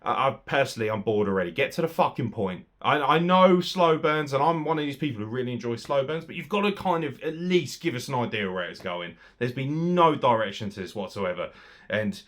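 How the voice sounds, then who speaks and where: A young man reviews wrestling in a profane, sarcastic monologue at a middle pitch. He lurches from loud bursts into low muttering. He's bluntly opinionated throughout. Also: fairly quick. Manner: sweary, sarcastic, animated swings in loudness.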